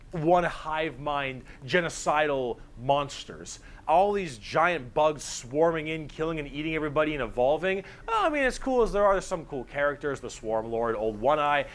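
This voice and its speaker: A man narrating a video in an earnest, explanatory way. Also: on the high side. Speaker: lore narrator.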